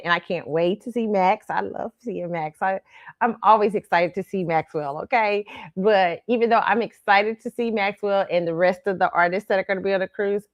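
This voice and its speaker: A woman's voice: medium pitch, no room sound, muffled recording. A woman hosting her own show in casual chat, talking chattily and laughing often between phrases. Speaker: host.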